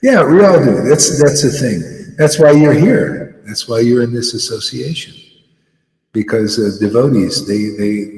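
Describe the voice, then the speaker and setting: A man's voice: medium pitch, a little mellow. A man, a spiritual teacher, giving an earnest devotional talk, often repeating words as he preaches. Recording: echoey hall, from far off.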